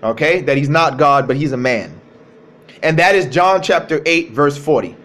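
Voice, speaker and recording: A man's voice: a little high, lively intonation, a bit bright. Emphatic man preaching over a phone. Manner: emphatic, repeats key phrases, slows to stress words. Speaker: religious speaker. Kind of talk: livestreamed religious talk. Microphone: cell phone.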